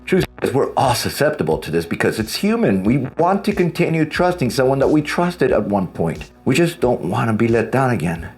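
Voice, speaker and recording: A man's voice: mid-range voice, sing-song, brisk, few pauses, a little mellow, soft background music. A man giving blunt, casual advice as a divorce coach, speaking straight to his viewers and swearing freely. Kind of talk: direct-to-camera advice talk.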